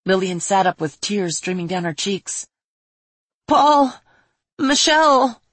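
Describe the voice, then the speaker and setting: Low, husky woman reading a fantasy story. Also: fairly even intonation, moderate pace, no echo. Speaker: audiobook narrator. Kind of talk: scripted fantasy narration.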